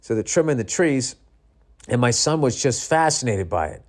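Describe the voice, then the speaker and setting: A man's voice: medium pitch, moderate pace. A middle-aged man hosting a podcast, telling rambling comic stories in a tired, profane, casual way, now and then imitating voices. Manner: profane, rambling, animated storytelling with mimicked voices. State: tired, yawning. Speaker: podcast host. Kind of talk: casual comedic monologue.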